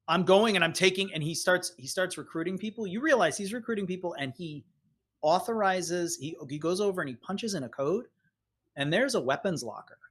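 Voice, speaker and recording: A game master narrating a tabletop game in a lively, descriptive way. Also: mid-range voice.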